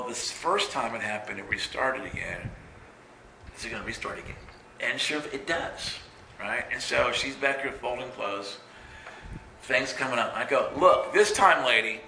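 A man telling a story in a casual, rambling way, often asking "right?" and jumping high when quoting himself. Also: bright, forceful tone, slight background noise. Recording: roomy echo.

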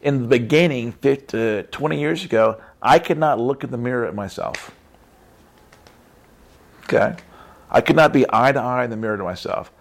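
A man's voice: medium pitch, moderate pace, gravelly, long pauses. A man giving a casual Christian testimony talk, emphatic and repetitive, often tagging his sentences with "right?". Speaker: Christian speaker.

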